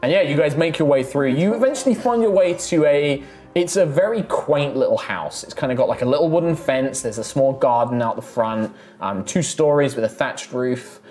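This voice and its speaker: A man's voice: medium pitch, expressive, normal speed, a little mellow, faint music behind. A man narrating as game master of a tabletop game, describing scenes loosely with lots of fillers.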